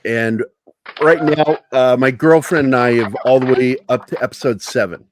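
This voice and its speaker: A man's voice: mid-range voice, moderate pace, a little hiss or hum. A man talking as a guest in a casual chat. He rambles, laughs often and swears freely.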